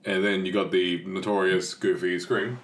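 A man's voice: low-pitched, little pitch movement, normal speed, heavy background noise. A man hosting a casual podcast, talking enthusiastically and rambling with many fillers. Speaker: podcast host.

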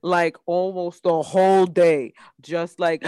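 A young woman co-hosting a casual podcast, telling an animated story with laughter and acted quotes. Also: on the low side, takes it slowly, few pauses, clear, resonant tone, no echo, clean studio sound. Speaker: podcast co-host. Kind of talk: casual chat.

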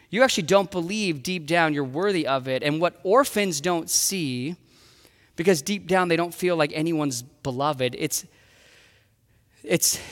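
Man, pastor, sermon, earnest, slightly high voice, long hall reverb. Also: a bit bright. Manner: earnest, acts out quarrels in voices. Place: church sanctuary.

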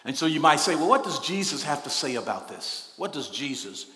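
A pastor with a slightly raised voice preaches to his congregation, swinging from hushed teaching to fervent, shouted praise. He laughs easily and calls on the room to repeat after him. The sound is caught in a large church with a long, roomy reverb. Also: fairly high pitch, very animated, brisk. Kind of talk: sermon. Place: church sanctuary. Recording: echoey hall, long reverb.

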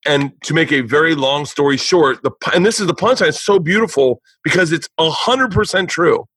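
Husky, bright-voiced male storyteller. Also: a little high, brisk, no room sound, poor audio. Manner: animated, profane, laughing storyteller. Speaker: comedian. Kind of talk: casual podcast storytelling.

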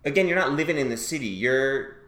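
A man in his thirties from New York tells stories as a podcast guest. He acts out the lines other people said along the way, and he sits at an ordinary, middle pitch. The room is echoey around him. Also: a little fast. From Westchester, New York. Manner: animated storyteller, acts out quotes. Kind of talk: casual chat.

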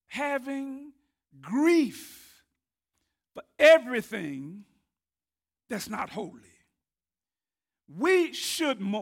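A man preaching a sermon, his voice not working well, building to shouted emphasis. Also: very high-pitched.

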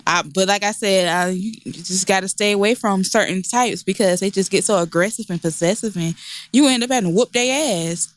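A woman's voice: mid-range voice, a little fast, dry recording. A woman co-hosting a casual podcast, teasing and cursing freely and laughing often. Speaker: podcast co-host.

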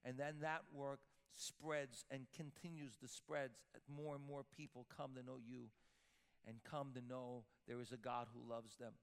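A man's voice: mid-range voice, little pitch movement, moderate pace, creaky, clear, resonant tone. A man preaching a sermon as pastor, emphatic, repeating words as he builds up. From Sicilian-Italian heritage. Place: church sanctuary with long reverb. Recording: reverberant church hall.

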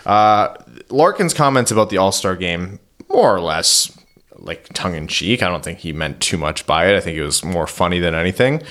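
A man's voice: low-pitched, sing-song, moderate pace, fairly bright tone. A man co-hosting a podcast, talking hockey in a rambling, casual way with lots of fillers and laughs. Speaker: podcast co-host. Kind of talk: casual sports chat.

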